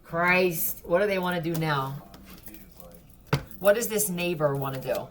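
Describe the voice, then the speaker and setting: A woman's voice: lowish voice, a little slow, background noise. A woman giving a casual tarot reading, blunt, profane and mocking. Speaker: tarot reader.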